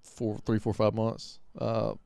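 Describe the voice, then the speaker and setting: A man co-hosting a podcast, chatting casually in a rambling flow full of fillers and restarts. His voice sounds smooth and clear, recorded close to the mic in a dry, dead room. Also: lowish voice, monotone, slow, warm tone, no room sound. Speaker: podcast co-host. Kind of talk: casual chat.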